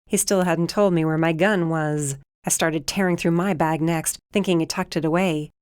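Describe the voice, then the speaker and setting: A woman reading a first-person audiobook with tense, brisk storytelling into a close studio mic. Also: deep voice, fairly even intonation, a little mellow, clear, resonant tone, dry recording. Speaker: audiobook narrator. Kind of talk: first-person scripted narration.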